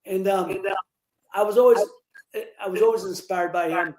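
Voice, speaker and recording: A man's voice: high voice, normal speed, reverberant, background noise. A man in his sixties from Ohio, telling stories as a guest in a live interview, rambling with many fillers and restarts. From Ohio, USA. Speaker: interview guest, former boxer.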